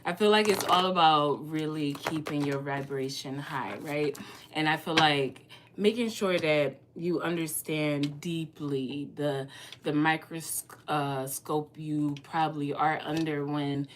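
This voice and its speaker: A woman's voice: deep voice, takes it slowly, background noise. A young woman giving a casual oracle card reading, talking in a chatty, rambling way with plenty of filler words. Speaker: tarot and oracle card reader. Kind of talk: casual spiritual reading to camera.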